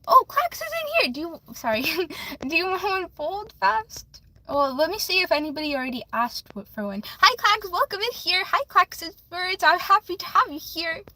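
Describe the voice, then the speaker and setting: A bubbly young woman chats with her livestream viewers and reads tarot cards for them, giggling often. Her voice sits high, with a bright, sharp edge. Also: poor audio. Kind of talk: casual livestream chat.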